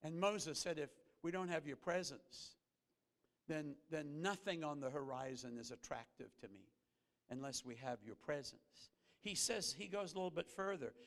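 A man preaching a sermon as a guest pastor, earnest, rising to emphatic peaks and then dropping low and slow. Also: a bit bright. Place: church sanctuary. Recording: reverberant church hall.

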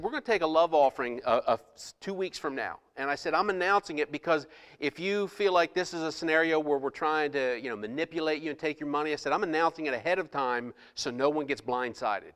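Middle-aged male pastor, storytelling sermon voice, ordinary mid pitch, lingering hall reverb. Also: fairly bright tone. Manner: storytelling with many restarts and quoted dialogue. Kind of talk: sermon testimony. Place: church.

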